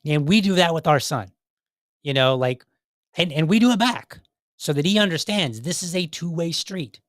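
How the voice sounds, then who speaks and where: A man's voice: a little high, expressive, normal speed, dry recording, clean studio sound. A man hosting a podcast, giving casual, earnest commentary on videos, talking in a rambling way with restarts. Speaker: podcast host.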